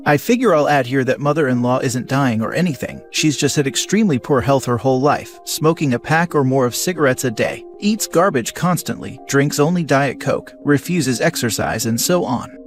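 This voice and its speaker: A man narrating a first-person story in an even, conversational reading style. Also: medium pitch, moderate pace, hardly any pauses. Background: faint music.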